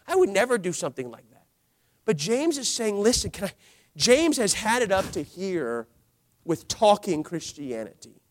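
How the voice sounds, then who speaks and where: High-voiced impassioned male preacher. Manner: impassioned preaching, swinging from loud to hushed; drawn-out emphatic phrases. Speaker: pastor. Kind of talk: sermon.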